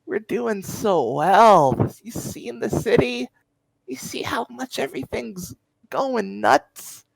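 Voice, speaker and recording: A man doing a sleazy, high-pitched schemer. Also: gravelly, breathy edge, no room sound, full character voice, poor audio. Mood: wheedling. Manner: wheedling and fast-talking. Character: sleazy hyper male schemer, pushy and grinning.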